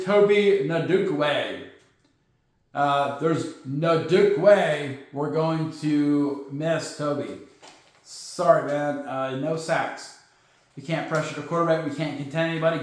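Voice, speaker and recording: A man hosting a sports podcast, talking casually in an animated, sarcastic, joking way. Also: on the high side, moderate pace. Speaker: podcast host. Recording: very echoey room.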